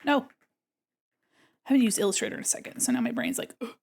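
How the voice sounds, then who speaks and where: A woman's voice: mid-range voice, wildly swooping pitch, fast, darkish tone. A woman livestreaming while she draws, chatting playfully and talking through each step of her work. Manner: chatty, narrates her own actions, playful. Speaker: livestreaming artist. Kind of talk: casual chat while drawing.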